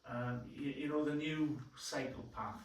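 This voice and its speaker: A plainspoken man delivers a colloquial councillor's report at a council meeting. His voice sits at an ordinary pitch. It rings through a very echoey room from a distant mic, with faint background noise. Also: fairly even intonation, unhurried.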